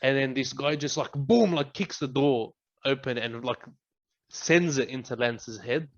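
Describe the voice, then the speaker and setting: A young Australian man chats casually, deadpan in his jokes and lively when he tells a story. His voice sits mid-range, and the recording sounds dull and lo-fi. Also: mid-range voice, unhurried. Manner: deadpan joking, animated storyteller. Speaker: guest. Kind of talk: casual chat. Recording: dull lo-fi audio.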